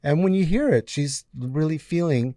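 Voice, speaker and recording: A man's voice: a little high, moderate pace, no room sound. A middle-aged man, a music producer guest, telling stories casually in an interview, acting out quotes with lots of fillers. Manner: animated storyteller acting out quotes, many fillers.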